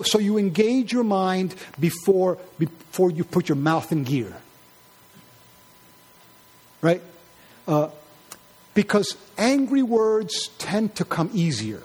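A man gives an animated, conversational sermon, acting out quarrels in high, mocking voices. His voice has a breathy edge.

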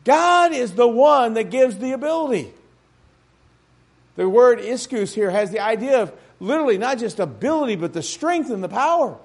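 Guy preaching in church, highish gravelly voice, keeps asking don't we. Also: expressive, normal speed. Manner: conversational preaching with rhetorical tag questions. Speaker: pastor. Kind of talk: sermon.

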